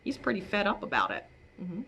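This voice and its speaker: A woman librarian hosting a bedtime story time, talking playfully and gently to children. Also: mid-range voice, huge pitch swings, a little fast, vocal fry, a little hiss or hum.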